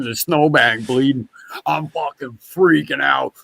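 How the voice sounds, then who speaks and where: A man's voice: medium pitch, unhurried, gravelly, no room sound. A man telling a long, rambling story with a lot of swearing. He often breaks off and starts his sentences again. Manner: rambling, profane, animated storytelling; restarts and backtracks often. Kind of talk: casual storytelling.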